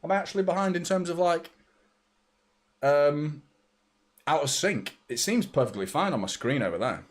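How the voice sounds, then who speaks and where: A young man excitedly chatting through a live football watchalong, reacting to the match and greeting viewers by name. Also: a little high, moderate pace.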